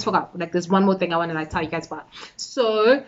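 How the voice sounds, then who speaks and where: A woman's voice: on the low side, quick pace, highs cut off, soft background music. A woman chatting casually in a get-ready-with-me vlog, giggly and playfully hyping herself up. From South Africa. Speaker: YouTuber.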